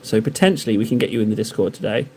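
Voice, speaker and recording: A man's voice: lowish voice, rapid-fire, darkish tone, a little hiss or hum. A man streaming live while painting miniatures, chatting casually and joking in a rambling, self-deprecating way with his viewers. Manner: rambling, joking banter with chat.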